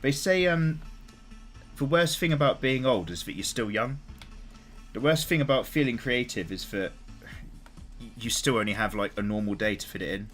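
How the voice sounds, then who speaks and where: Lively, chatty man in his thirties. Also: mid-range voice, normal speed, pauses often, faint music behind. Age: 30s. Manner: chatty, sweary and openly emotional. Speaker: artist streaming live. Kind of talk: casual livestream chat.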